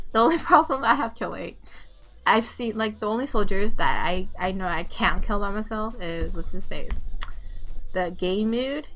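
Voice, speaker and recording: A young woman giving casual, excitable gameplay commentary at home, swearing often and laughing a lot. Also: mid-range voice, gravelly. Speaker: game streamer. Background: faint game music.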